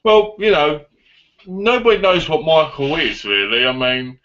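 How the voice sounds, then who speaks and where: Speaking at a measured pace in a slightly high, somewhat bright voice, a young man chats casually through viewer questions. He rambles, corrects himself often, and sounds dull and lo-fi on the recording.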